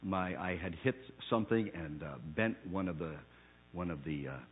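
A male pastor preaching a sermon who tells personal stories and swings from low, hushed phrases to loud, emphatic passages. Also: animated, moderate pace, breathy edge, in a large hall. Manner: storytelling with personal anecdotes. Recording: narrow phone-like sound.

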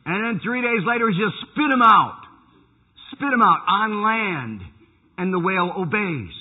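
A man preaching a sermon with animated storytelling, swinging from loud bursts to hushed asides. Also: high voice, unhurried, slightly rough. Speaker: pastor. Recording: tinny phone-like line.

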